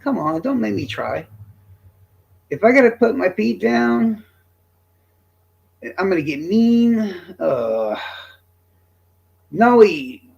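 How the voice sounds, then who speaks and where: Male streamer in his fifties, high voice, swinging pitch, profane and cocky. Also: creaky. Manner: profane, boastful, combative. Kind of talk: livestream rant to chat.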